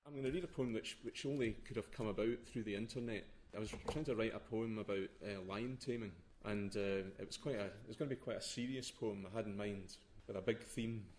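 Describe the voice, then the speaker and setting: A man's voice: on the low side, a little fast, hardly any pauses, a little mellow, slight background noise. A man explaining the story behind a poem, talking casually with lots of hesitations and restarts. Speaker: poetry blogger. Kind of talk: casual talk before a reading.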